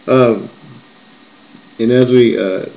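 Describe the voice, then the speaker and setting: A man's voice: medium pitch, fairly even intonation, slow pace, creaky, mellow. A man recounting a vision in a rambling, digressive monologue, often restarting and correcting himself. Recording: muffled lo-fi recording with faint background ambience.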